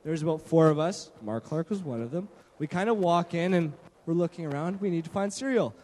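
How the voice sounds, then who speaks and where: A man telling a mission trip story to a church gathering on a handheld mic, in a lively way with lots of fillers and restarts. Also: fairly high pitch, brisk, long reverb tail. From Canada. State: shaky from not eating. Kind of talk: church testimony talk. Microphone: handheld microphone.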